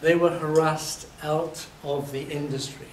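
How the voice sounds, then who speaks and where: A man from England giving a university lecture, telling lively stories and acting out his examples, his voice a little hoarse. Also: fairly high pitch, a little slow. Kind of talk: classroom lecture. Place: lecture hall. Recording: echoey hall, distant mic, faint noise.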